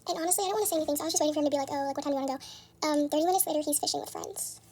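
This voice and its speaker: A young woman recounts a story into her phone, speaking softly, quickly and high. Her manner is dry and matter-of-fact. There is a faint hiss behind her. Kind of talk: casual storytime monologue.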